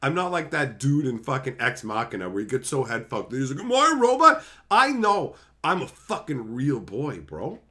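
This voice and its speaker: Ranting sarcastically to his stream chat, this Canadian man curses freely and imitates others in put-on voices to ridicule them. His mid-range voice swings widely in pitch at a normal speed with hardly any pauses, and the sound is a bit bright.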